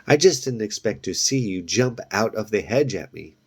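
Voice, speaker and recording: A man's voice: fairly low pitch, lively intonation, moderate pace, breathy edge. A man reading aloud and voicing a grumpy, put-upon boy from a storybook in a sulky, slightly raised voice.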